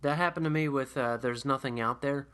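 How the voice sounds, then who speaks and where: Podcast co-host, man, mid-pitched, casual chatty asides. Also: a little fast, fairly bright tone, smooth. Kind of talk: casual chat.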